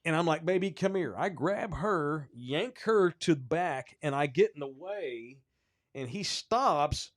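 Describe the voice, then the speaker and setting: Male podcast host, casual storyteller, animated and profane, acts out the people in his story. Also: a little high.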